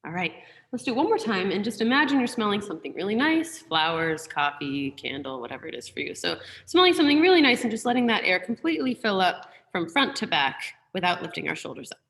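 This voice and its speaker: Brief: woman choir teacher, lively pitch, gentle and encouraging, video call audio with a long room echo. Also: quick pace. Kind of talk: online group singing lesson. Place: room with a piano.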